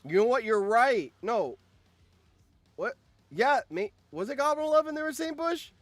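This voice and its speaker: A man hosting a channel, giving casual reaction commentary on a game simulation, swinging from low muttering to excited shouts. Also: moderate pace, dry recording, faint music behind. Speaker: channel host and streamer.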